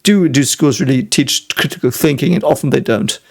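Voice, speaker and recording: A male physicist offers casual reaction commentary on an anime episode, thinking aloud and analysing things reflectively. His mid-range voice is expressive and creaky, moving fairly quickly.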